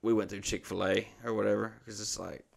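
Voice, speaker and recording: A man's voice: on the low side, level tone, brisk, gravelly, noisy background. A young adult man hosting a podcast, telling rambling, profane anecdotes in casual chat and acting out the dialogue. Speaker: podcast host.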